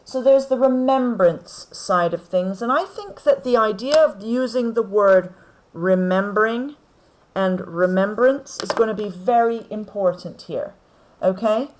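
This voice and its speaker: A woman teaches a class, unhurried and measured, pausing to check with "okay?" that her students follow. Her voice sits at an ordinary middle pitch. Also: a little hiss or hum, poor audio. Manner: slow, deliberate explaining with frequent "okay?" checks. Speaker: English teacher. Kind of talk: recorded lesson on poetry.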